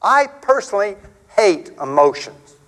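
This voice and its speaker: A middle-aged man preaching a sermon in a conversational, animated way, acting out quotes and stories. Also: unhurried, low-quality recording. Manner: animated, conversational, acts out quotes with big pitch swings.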